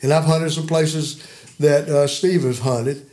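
A man's voice: on the high side, fairly even intonation, unhurried, darkish tone. Older man spinning rambling hunting yarns. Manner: rambling, chuckling yarn-spinner. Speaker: guest storyteller. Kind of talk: folksy hunting stories.

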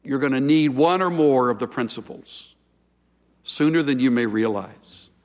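Male preacher, emphatic sermon delivery, unhurried, recorded in a large echoing hall. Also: medium pitch. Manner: measured, emphatic pulpit delivery.

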